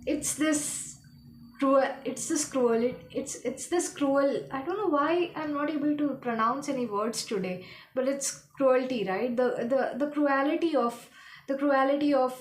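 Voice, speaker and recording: A woman giving a casual tarot reading, rambling and halting as she hunts for her words. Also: high voice, roomy sound, a little hiss or hum. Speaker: tarot reader.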